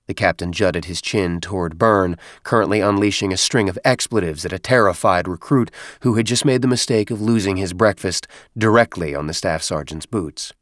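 Low-voiced male audiobook narrator. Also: moderate pace, no room sound, studio quality. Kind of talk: scripted narration.

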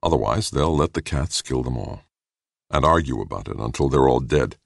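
A man's voice: rumbling low, lively intonation, normal speed, creaky, no echo, studio quality, exaggerated voice. A man reading aloud voices a weary, troubled man in an audiobook, speaking in earnest.

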